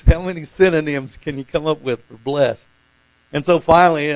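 A man's voice: a little high, fairly quick, no room sound, rough recording. A man preaching a conversational sermon as pastor, talking informally and putting questions to his congregation.

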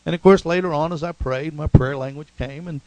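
A man's voice: a little high, brisk, darkish tone, no echo, low-quality recording. A man preaching a sermon in a chatty, storytelling way, with frequent "amen" and "you know" and a touch of humor. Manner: humorous asides. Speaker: pastor.

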